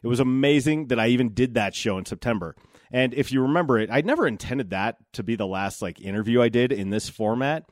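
A man's voice: medium pitch, expressive, fast talker, no echo, clean studio sound. A man in his forties hosting a solo podcast, talking candidly and reflectively, with casual swearing. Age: 40s. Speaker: podcast host.

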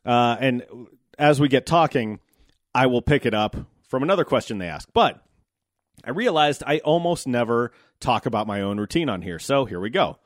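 A podcast host from the United States, in his thirties, talks through his day in a relaxed, sardonic, foul-mouthed monologue. His mid-range voice has lively intonation and a moderate pace. The sound is clean studio audio with no room noise.

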